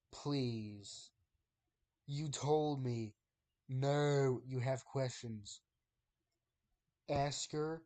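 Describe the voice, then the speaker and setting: A young man banters casually with his live-stream chat, drawling and exasperated as he tosses jokes back and forth and laughs often. His medium-pitched voice is a little mellow, very slow and broken by long pauses.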